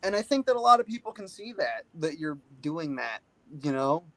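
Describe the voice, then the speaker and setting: A man's voice: fairly high pitch, big pitch swings, normal speed, a bit bright, no room sound, low-quality recording. A man in a casual podcast chat, talking bluntly with lots of swearing and filler words.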